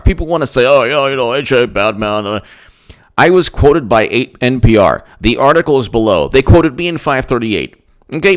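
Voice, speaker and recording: A man delivering an opinionated political monologue, emphatic and repetitive, firing off rhetorical questions and laughing between points. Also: mid-range voice. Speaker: political commentator.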